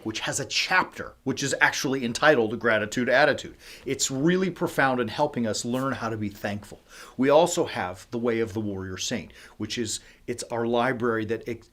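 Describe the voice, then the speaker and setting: Male ministry leader, mid-pitched voice, casual devotional livestream, animated chatty delivery with big swings between loud and soft. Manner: animated and conversational, with many fillers like "like" and "you know".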